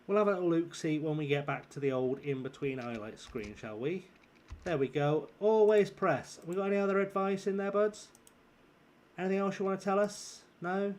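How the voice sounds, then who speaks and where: A slightly high-voiced man with a northern English accent, worn out and a bit scratchy from a sore throat. He rambles through live gameplay commentary, swears freely and teases his chat. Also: moderate pace, a little mellow. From southern England. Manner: chatty, swearing, teasing viewers. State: tired with a sore throat forming. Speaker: streamer.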